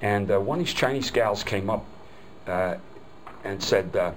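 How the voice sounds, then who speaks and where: A man's voice: lowish voice, unhurried, slight background noise, rough recording. An older man giving a live customer service training talk, telling folksy stories and acting out the quoted dialogue. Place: hotel meeting room.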